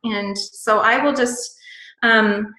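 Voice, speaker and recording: In an echoey room, a woman guest speaker on a team call gives casual sales advice, bubbly and talkative with lots of ums and likes. Her voice is a little high, bright and forceful, delivered slowly with fairly even intonation.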